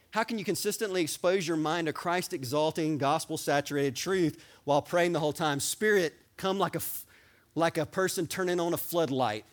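Excited preaching man, fairly high voice. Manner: excited preaching, sometimes yelling, animated. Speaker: pastor. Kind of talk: sermon.

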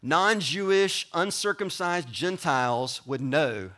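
Animated, bright-voiced preacher man. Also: a little high, takes it slowly. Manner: conversational, animated preaching with asides to the congregation. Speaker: pastor. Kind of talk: sermon.

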